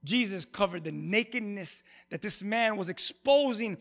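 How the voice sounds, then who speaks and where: A male pastor preaching an animated sermon to a congregation and calling for their responses. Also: sits high, measured pace, creaky, hardly any pauses. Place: church before a congregation.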